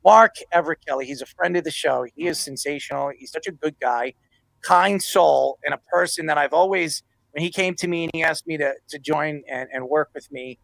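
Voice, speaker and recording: A man hosting a sports talk show with a gravelly, fry-laden voice that sits a little high. He rambles warmly and drops his voice when he gets emotional. The sound is dry and close to the mic. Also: a little fast, dry recording, poor audio. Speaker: podcast host.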